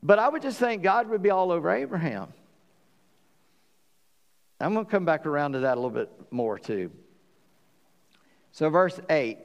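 A pastor preaching to his congregation, his voice sitting high for a man. He tells the story with animation and slips into the voices of the people in it. The sound carries a long reverb from a large hall. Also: dull audio. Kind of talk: sermon.

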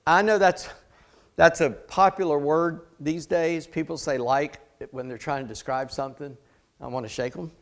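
A middle-aged man preaching a sermon in a conversational way, with chatty asides and jokes. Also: medium pitch. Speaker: pastor.

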